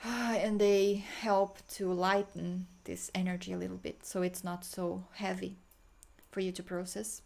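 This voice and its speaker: A woman guiding a healing meditation, talking slowly and softly with sighs, sometimes chanting in an invented language. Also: lowish voice, level tone, gravelly, slight background noise. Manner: slow, soft, sighing, breaks into chanted light language. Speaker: spiritual healer.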